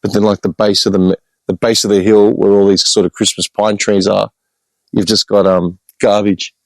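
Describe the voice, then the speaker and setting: An Australian man, a podcast host, telling stories in an animated, exasperated way with blunt swearing, in a casual walk-and-talk vlog. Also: fairly low pitch, moderate pace, no echo, rough recording. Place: outdoor hillside cemetery with birds.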